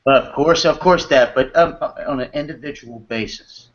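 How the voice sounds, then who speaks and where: A man on a podcast telling what he saw first-hand, animated and blunt in casual chat. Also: a little high, moderate pace. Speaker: podcast guest. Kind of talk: casual chat, recounting events. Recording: muffled lo-fi podcast audio.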